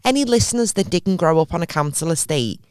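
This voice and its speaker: A woman co-hosting a podcast in casual chat, blunt and animated, swearing freely. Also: fairly low pitch, quick pace, clean tone, dry recording, clean studio sound. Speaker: podcast co-host.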